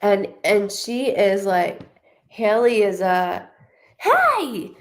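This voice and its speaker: Chatty woman psychic with vocal fry. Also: mid-range voice, takes it slowly. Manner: animated, chatty, restarts often, acts out quoted voices. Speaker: psychic medium. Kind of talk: live psychic reading, relaying messages.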